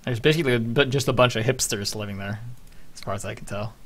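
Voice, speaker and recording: A young man giving casual, rambling gameplay commentary, swearing freely and breaking into excited bursts. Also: mid-range voice, fast. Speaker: game commentator.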